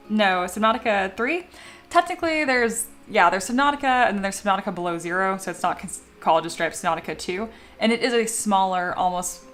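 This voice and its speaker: Woman streamer, chatty, laughs a lot, reads chat aloud, soft music behind. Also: mid-range voice. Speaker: 3D sculpting streamer. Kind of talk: casual livestream chat while sculpting.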